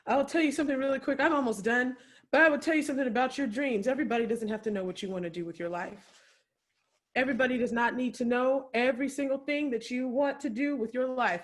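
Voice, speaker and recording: A woman giving an impassioned, preacher-like keynote speech, repeating phrases for emphasis, tearful at times. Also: fairly high pitch. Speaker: keynote speaker. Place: home, remote video address.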